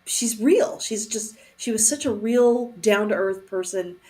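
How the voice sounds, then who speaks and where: A woman on a live movie-riffing panel, chatting casually and haltingly, with many fillers and restarts. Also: mid-range voice, mellow. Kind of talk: casual chat.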